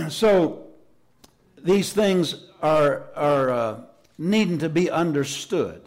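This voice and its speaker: Man, pastor, fervent sermon, emphatic repetition, higher-pitched voice. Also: animated, very slow, a little mellow. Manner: fervent, emphatic preaching with repeated phrases. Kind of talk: Pentecostal sermon. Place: church service.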